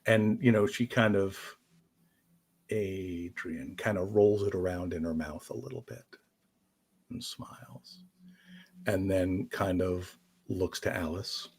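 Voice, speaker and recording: A man narrating as game master in a tabletop game, in a relaxed, descriptive way with small hesitations. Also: low-pitched, a little slow, breathy edge.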